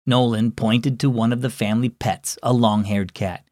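A man's voice: medium pitch, fairly even intonation, moderate pace, darkish tone, no room sound, studio quality. A man hosting and narrating a children's Christian devotional, reading the story in a friendly, storyteller manner.

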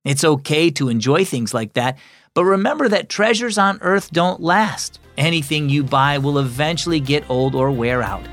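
A man hosting a children's devotional program, reading scripted narration in a friendly, clear, measured way. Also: a little high, lively intonation, fairly bright tone, no echo, soft background music.

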